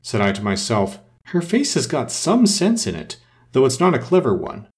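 A man's voice: medium pitch, wildly swooping pitch, moderate pace, pitched above the performer's own voice. A man doing a prim, condescending rose.

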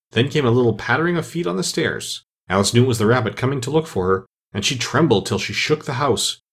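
Expressive, slightly husky male narrator. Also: medium pitch. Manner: expressive storytelling. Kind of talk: audiobook narration.

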